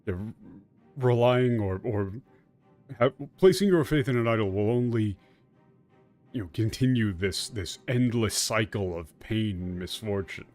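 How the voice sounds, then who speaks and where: A man streaming a game and translating its dialogue live, talking in a halting way with frequent restarts and casual swearing. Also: fairly low pitch, expressive, a little mellow, soft background music. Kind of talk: live gameplay commentary.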